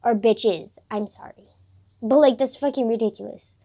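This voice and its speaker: A woman's voice: fairly high pitch, moderate pace, warm tone. A teenage girl vlogging casually, rambling with lots of "like" fillers and swearing as she vents about her day. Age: teens. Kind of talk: casual diary vlog. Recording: dull lo-fi recording.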